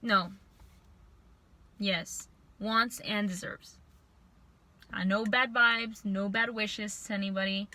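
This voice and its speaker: A young woman vlogger telling a storytime to camera, venting in an animated, frustrated way. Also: mid-range voice, slow, pauses often.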